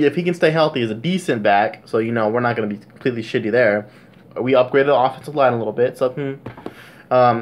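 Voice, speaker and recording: Young guy ranting about football, swears a ton, exasperated, keeps blowing up loud then grumbling. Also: medium pitch. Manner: swearing, exasperated rant with sudden loud outbursts. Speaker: sports vlogger. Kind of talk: casual sports rant.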